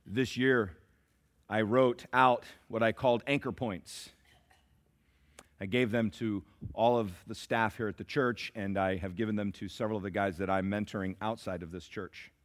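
A man preaching a sermon as pastor, swinging between shouted climaxes and hushed, slow asides. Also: lowish voice, fairly even intonation. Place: church sanctuary.

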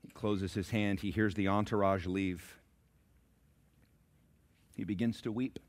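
A man preaching a sermon in a church, telling a story dramatically and swinging from hushed to loud. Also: on the low side, fairly even intonation, unhurried. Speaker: pastor. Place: church sanctuary.

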